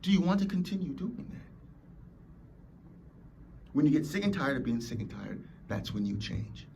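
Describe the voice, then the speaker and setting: A man's voice: medium pitch, big pitch swings, normal speed, vocal fry, warm tone, a little hiss or hum. A man hosting a motivational podcast, preaching emphatically and acting out whiny complainers. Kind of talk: motivational talk.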